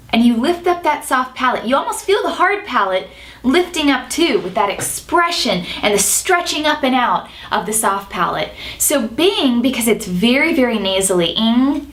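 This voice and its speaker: Woman vocal coach, kinda high, bouncy lively delivery, demos the exercise herself. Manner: demonstrative, sings nasal scale examples between explanations. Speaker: singing teacher.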